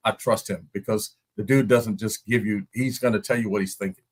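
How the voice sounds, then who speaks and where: A man, a former football lineman, breaking down a game on a podcast in animated, story-driven casual chat, laughing often. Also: mid-range voice, brisk. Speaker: guest analyst, former NFL lineman.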